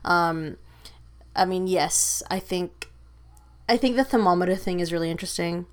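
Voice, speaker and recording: A woman's voice: on the low side, moderate pace. Chatty Australian woman. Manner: chatty, storytelling, lots of likes and ums. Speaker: filmmaker guest. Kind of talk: casual conversation.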